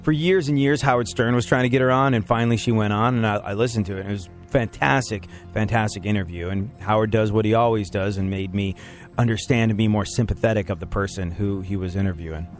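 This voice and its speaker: Guy hosting a radio show, rambly and jokey, laughs a lot, soft music in the back. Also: lowish voice, fairly even intonation, quick pace. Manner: rambling, joking, laughs often. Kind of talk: casual banter on a radio show.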